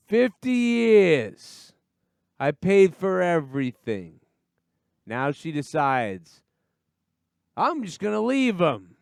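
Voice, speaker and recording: A man voicing a bitter, rambling divorced man complaining to a stranger at a bar, slow and aggrieved. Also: high-pitched, very animated, gravelly, clear, resonant tone, dry recording, clean studio sound, pitched above the performer's own voice, heavily acted. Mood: aggrieved rant. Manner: aggrieved, ranting, slow and drawn out.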